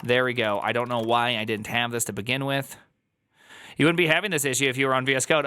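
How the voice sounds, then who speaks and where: A man's voice: mid-range voice, fairly even intonation, fast, sharp tone, clean tone, dry recording. A man streaming live while coding, talking to his chat in an exasperated, rambling way.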